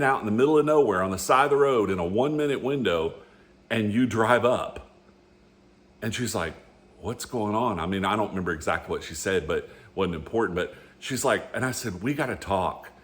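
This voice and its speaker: Deep-voiced man telling a rambling testimony. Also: fairly bright tone. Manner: rambling and earnest, with frequent restarts. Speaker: storyteller sharing a faith testimony. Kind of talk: casual spoken testimony.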